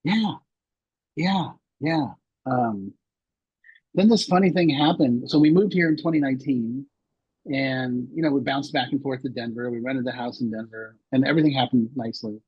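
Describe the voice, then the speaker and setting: A man's voice: mid-range voice, normal speed, husky, no echo, dull audio. A man in his sixties telling personal stories as a podcast guest, rambling with many restarts and fillers. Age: 60s. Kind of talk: candid interview storytelling.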